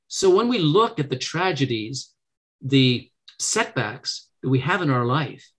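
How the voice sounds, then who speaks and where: A middle-aged man speaks as a podcast guest, earnest and encouraging, with a voice of ordinary pitch. He slips into a lifted tone when he acts out what people say. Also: husky. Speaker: podcast guest, negotiation trainer. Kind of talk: casual interview.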